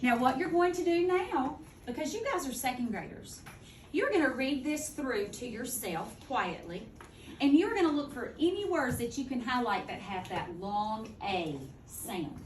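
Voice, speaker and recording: A woman teaching a second-grade phonics lesson, speaking clearly and deliberately. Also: sits high, sing-song. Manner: clear, deliberate teacher talk, slowing to model words. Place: classroom. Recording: echoey classroom from far off, noisy.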